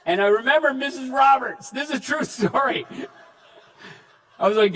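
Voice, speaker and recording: High-voiced man telling stories in an echoey hall. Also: moderate pace, pauses often, recorded from a distance. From Newfoundland, Canada. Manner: animated, acts out voices, shouts punchlines. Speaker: keynote speaker. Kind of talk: comedic storytelling speech. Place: large hall before an audience. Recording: reverberant hall, speaker off-mic.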